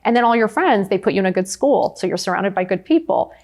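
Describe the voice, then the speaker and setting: A middle-aged woman talking frankly as a podcast guest, telling her story with lively acted-out quotes. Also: medium pitch, fast. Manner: frank, animated storytelling, often acts out quotes. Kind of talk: candid interview conversation.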